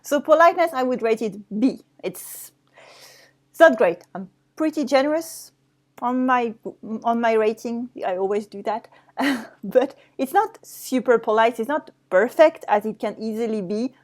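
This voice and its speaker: A woman's voice: fairly high pitch, a little slow, a little mellow. Give me a French woman with a French accent, explaining a lesson patiently. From France. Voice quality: explaining step by step, with restarts. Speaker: French teacher. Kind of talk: online language lesson.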